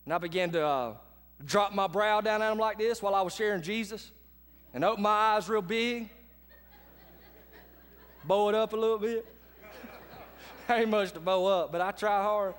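A man's voice: sits high, moderate pace, pauses often. Man preaching in a reverberant hall. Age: adult with children. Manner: conversational preacher, swings between quiet asides and loud emphatic lines. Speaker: pastor. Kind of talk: sermon.

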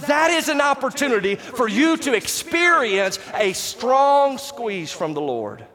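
A man preaching a sermon as pastor, emphatic and rising to shouts on key words, and calling out to the congregation for responses. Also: very high-pitched, big pitch swings, unhurried. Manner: talks to the congregation directly, asks for responses. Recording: long reverb of a large hall.

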